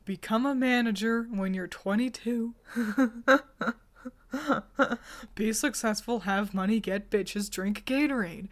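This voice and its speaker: A woman's voice: medium pitch, slow pace. A woman streamer chatting casually with her viewers, handing out teasing, mock-insulting advice and laughing often. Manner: admits she is bad at whispering. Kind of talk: casual livestream chat.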